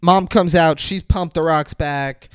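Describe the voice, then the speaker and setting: A man's voice: on the high side, unhurried, clear, resonant tone, dry recording, clean studio sound. A man co-hosting a podcast, casually retelling movie scenes and acting out the characters' lines, swearing freely. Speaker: podcast co-host. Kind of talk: casual movie review chat.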